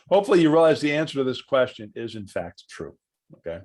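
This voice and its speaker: A man's voice: mid-range voice, lively intonation, fast talker. Chatty male trainer guiding a class. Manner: chatty, asks the class questions, walks through steps aloud. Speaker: software trainer. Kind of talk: live online training session.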